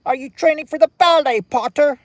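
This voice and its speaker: A man putting on a shrill, scolding British guy. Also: dry recording. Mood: mocking. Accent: put-on British. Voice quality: high, shrill, drawn-out.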